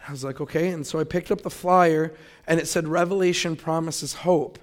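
A young man from Grand Rapids tells the story of how he came to faith. His voice sits a little high for a man. He keeps it casual and lively, slipping into his own remembered thoughts as if replaying them. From Grand Rapids, Michigan. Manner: conversational, animated retelling with quoted inner thoughts. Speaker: testimony speaker. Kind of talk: personal testimony storytelling.

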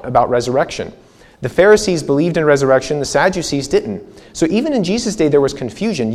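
A man's voice: fairly high pitch, darkish tone. A man leading a Bible seminar, preaching in a casual, conversational way with frequent repetitions and restarts. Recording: long reverb hall.

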